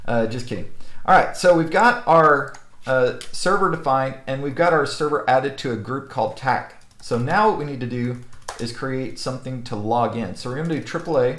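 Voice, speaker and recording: A man's voice: medium pitch, moderate pace, a bit bright, roomy sound, slight background noise. A man giving a casual screen-recorded technical tutorial, often checking in with "okay?" and "right?". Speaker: network instructor.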